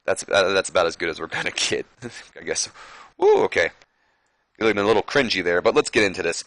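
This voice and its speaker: A man's voice: low voice, animated, a little fast, a bit bright, no room sound. A man giving casual, self-mocking commentary on a game, reading out match results and ratings. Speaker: let's-play commentator.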